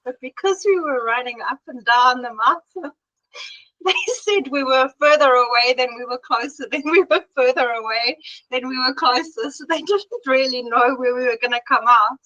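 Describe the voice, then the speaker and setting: A woman's voice: high-pitched, moderate pace, pushed and bright, no echo. A woman telling a story as an interview guest, laughing often as she talks. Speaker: interview guest, trail runner. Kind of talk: casual conversation. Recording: dull lo-fi sound.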